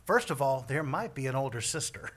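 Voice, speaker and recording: A man's voice: mid-range voice, lively intonation, fairly quick, fairly bright tone. A man preaching a sermon as a priest, joking with the congregation between points. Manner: joking, self-deprecating asides to the congregation.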